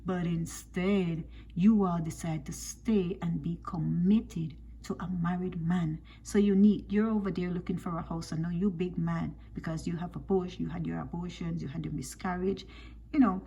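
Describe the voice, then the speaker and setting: A woman commenting on a reality show, scolding and animated, firing off rhetorical questions. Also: fairly low pitch, a little hiss or hum.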